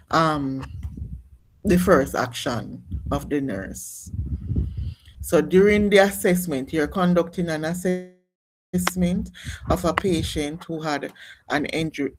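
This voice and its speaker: A woman's voice: sits low, a little hiss or hum. A woman teaching a nursing class in a classroom, explaining step by step with restarts and calling on students. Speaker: nursing instructor. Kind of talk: classroom lecture on exam questions.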